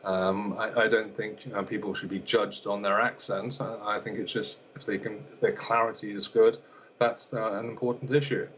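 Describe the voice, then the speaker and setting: A man's voice: lowish voice, little pitch movement, normal speed, fairly bright tone, a little hiss or hum. A male elocution teacher answering interview questions hesitantly, often repeating words and using fillers. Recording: dull lo-fi broadcast sound.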